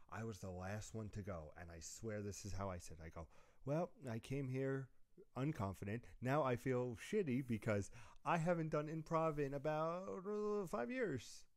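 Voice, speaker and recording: A young man telling lively stories in a casual chat, often laughing mid-sentence. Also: mid-range voice, moderate pace. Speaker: podcast co-host.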